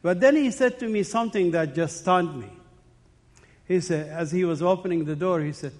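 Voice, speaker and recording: High-voiced man preaching in a hall. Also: sing-song, normal speed, fairly bright tone. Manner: dramatic storytelling in short emphatic phrases. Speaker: speaker giving a personal testimony. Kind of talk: testimony sermon.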